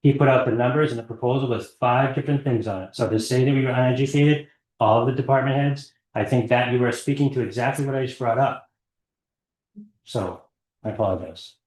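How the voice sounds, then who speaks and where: Fast-talking man at a board meeting. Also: mid-range voice, a little mellow. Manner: insistent, rebutting. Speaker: board member. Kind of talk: debate at a public meeting. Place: town meeting room. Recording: roomy meeting hall.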